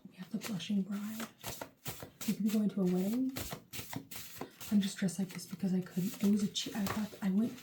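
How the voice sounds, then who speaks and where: A woman's voice: medium pitch, fairly even intonation, moderate pace, background noise. A woman giving a casual tarot reading to the camera, rambling and chatty with lots of "like" and "um". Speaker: tarot reader. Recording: roomy echo.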